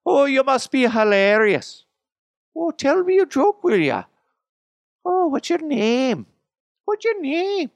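A man voicing an excitable male circus recruiter with an exaggerated put-on Irish accent and a high, shrill, sing-song delivery. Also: slow pace, vocal fry, long pauses, dry recording, heavily acted.

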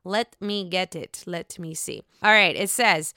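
A young woman casually recapping a reality show on her own, blunt and quick to swear, often mimicking people in exaggerated voices. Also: lowish voice, pushed and bright, no echo, studio quality. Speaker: reality TV commentator. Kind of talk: casual solo recap chat.

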